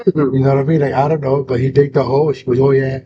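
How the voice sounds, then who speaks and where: A young man hosting a casual chat rattles off a slang-filled, profane story fast and with flat delivery, crowd noise in the background. Dull lo-fi sound with a faint rumble marks the recording.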